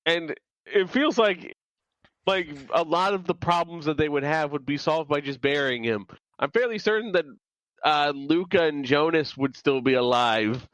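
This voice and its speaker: A man's voice: a little high, moderate pace, a bit bright, dry recording, muffled recording. A man co-hosting a podcast in casual recap chat, wry and chatty, often restarting his sentences. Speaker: podcast co-host.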